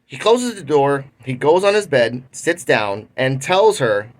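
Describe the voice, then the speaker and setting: A young man from Puerto Rico hosts an online commentary show, casually retelling a news story and restarting himself often. His mid-range voice is animated, and his pace is measured.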